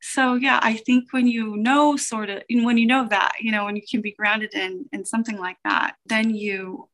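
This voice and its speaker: A woman guest in a casual interview conversation, speaking in a halting, reflective way and warmly affirming her host. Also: on the high side, steady tone, dry recording. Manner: halting and reflective, many fillers and restarts, warm affirmations. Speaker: interview guest and business owner.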